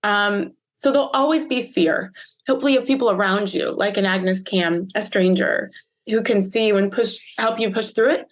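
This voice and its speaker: Woman, 50s, from the US; podcast guest recounting her past, heartfelt, pausing to steady herself. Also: mid-range voice. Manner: earnest, emotional, pauses to collect herself. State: choked up. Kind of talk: podcast interview, personal storytelling.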